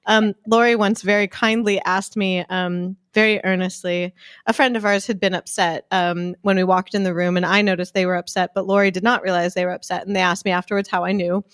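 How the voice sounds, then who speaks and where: A woman in casual podcast chat, talking quickly and animatedly and acting out what people said. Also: medium pitch, no room sound, studio quality. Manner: quick, animated, often laughing, acts out quotes.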